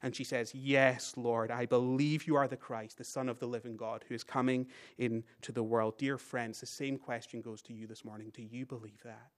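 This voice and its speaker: A British man delivering a Sunday sermon, earnest and deliberate. His voice sits at an ordinary pitch, climbing for emphasis and falling away to a hush at the close of a thought, with key lines said twice. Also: little pitch movement. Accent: British English. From Britain. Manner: rises for emphasis, drops very quiet at phrase ends. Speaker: preacher.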